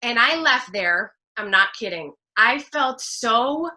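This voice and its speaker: A woman from New Jersey, an actress and speaker, telling a story with lively energy in an interview. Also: on the high side, slow. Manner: lively, acts out quoted voices. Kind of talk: animated storytelling in conversation.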